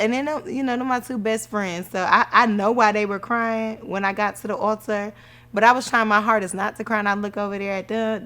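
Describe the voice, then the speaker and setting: Chatty woman telling wedding stories. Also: mid-range voice. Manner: animated storytelling, laughing often. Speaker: podcast co-host, newlywed bride. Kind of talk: casual chat.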